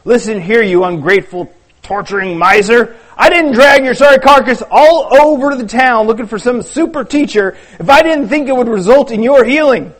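Big loud fisherman guy, a man puts him on, hot-headed and loyal, high voice, booms at his buddies. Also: moderate pace, hardly any pauses, close to an everyday voice, rough recording. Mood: fierce. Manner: loud, fierce and forceful.

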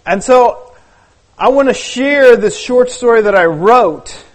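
Preacher guy, high voice, earnest and chatty, hushed when he prays. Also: expressive, slow pace. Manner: hushed and soft-spoken in prayer; earnest, conversational storyteller. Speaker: pastor. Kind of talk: sermon with prayer and story reading.

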